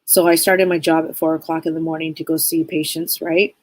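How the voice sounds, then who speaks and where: A woman's voice: sits low, little pitch movement, a little fast, no room sound, low-quality recording. A woman hosting a casual live stream as a psychic, talking to viewers in an upbeat, rambling way and often repeating her phrases.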